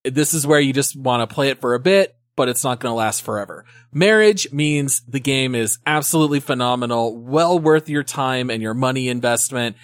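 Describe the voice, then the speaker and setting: A man with a mid-range voice speaks in a measured, explanatory way on a casual gaming podcast. The recording is dry and close, with no room sound. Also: medium pitch, no echo. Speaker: podcast co-host.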